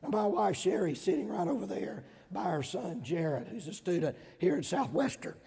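Southern-accented man, middle-aged preacher, high voice, husky tone, emphatic sermon delivery, large hall with long reverb. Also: expressive, moderate pace. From Georgia, US. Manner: emphatic, swings between loud stresses and dropped asides.

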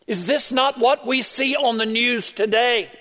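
High-voiced man preaching in a reverberant hall. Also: pushed and bright. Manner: emphatic preaching, drawn-out stressed words. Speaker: pastor. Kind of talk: sermon. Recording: long reverb of a large hall.

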